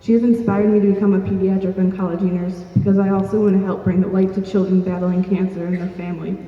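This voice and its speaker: Young woman, earnest storyteller, flat delivery; dull, distant recording with heavy room echo. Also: mid-range voice, fast. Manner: earnest, plain-spoken, with small restarts. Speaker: speaker telling her own story. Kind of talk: personal storytelling to an audience. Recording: distant, dull-sounding mic in an echoey hall.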